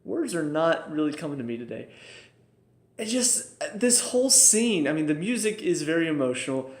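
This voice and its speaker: A young man casually reviewing TV episodes, excitable and laughing often, his voice jumping up when enthused. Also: fairly high pitch, normal speed. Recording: echoey room.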